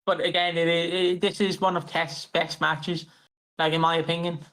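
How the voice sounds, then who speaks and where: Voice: medium pitch, little pitch movement, normal speed, a bit bright. Co-host rambling about old wrestling shows, swears, hums theme tunes. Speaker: podcast co-host. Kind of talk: casual wrestling podcast chat.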